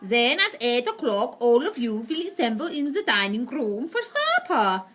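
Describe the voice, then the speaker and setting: A woman voicing a cruel, imperious female witch leader who shouts her commands. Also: a little high, sing-song, normal speed. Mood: commanding.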